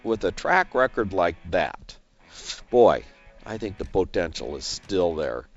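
Low-voiced man giving stock commentary. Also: big pitch swings, faint music behind. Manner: measured, emphatic on figures and numbers. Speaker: investment manager hosting a stock segment. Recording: dull, slightly lo-fi dry recording.

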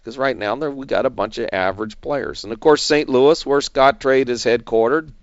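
A man's voice: mid-range voice, moderate pace, dry recording, dull audio. Rambling middle-aged man hosting a stock show. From San Diego area. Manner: rambling and chatty, with fillers and chuckles. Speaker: investment show host. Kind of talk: casual market commentary.

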